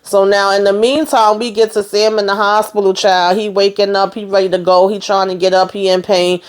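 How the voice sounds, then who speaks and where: A woman's voice: medium pitch, flat delivery, brisk, smooth. A woman giving a chatty, casual recap of a TV episode, retelling the scenes by quoting the characters. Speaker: TV show recapper.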